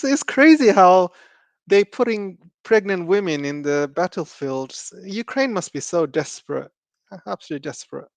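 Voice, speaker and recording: A man's voice: fairly high pitch, dry recording. A man hosting a live stream, talking loosely with many ums and restarts.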